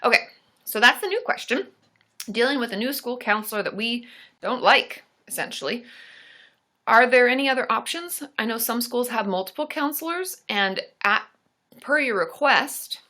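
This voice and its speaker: A woman therapist hosting a live advice stream with a bright, forward tone. She talks in a loose, chatty way, full of "like" and "um". She stays supportive and joking. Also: fairly high pitch, expressive, normal speed. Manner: chatty, supportive, casual filler-heavy talk; laughs and jokes with her partner. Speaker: licensed therapist and channel host.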